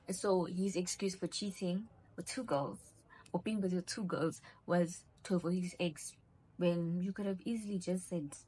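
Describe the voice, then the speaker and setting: A woman's voice: fairly low pitch, normal speed, dark tone, breathy edge. A young woman telling a storytime vlog, acting out the dialogue of the people in her story. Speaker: vlogger.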